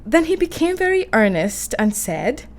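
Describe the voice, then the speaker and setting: A woman's voice: on the high side, very animated, normal speed. A woman playing a romantic, emotional young English woman in a radio play, talking in a breathless, girlish way. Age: young adult.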